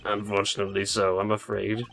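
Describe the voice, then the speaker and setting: A man voicing a cool, formal male prosecutor who speaks in a measured, quiet way. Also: lowish voice, monotone, gravelly, faint music behind. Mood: composed.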